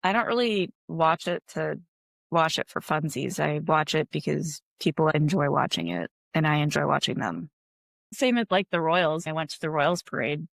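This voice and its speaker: A woman's voice: deep voice, lively intonation, normal speed, vocal fry, dry recording. Chatty Wisconsin woman, dry mic. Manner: chatty, laid-back, frequent "like" fillers. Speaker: guest. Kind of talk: casual interview chat.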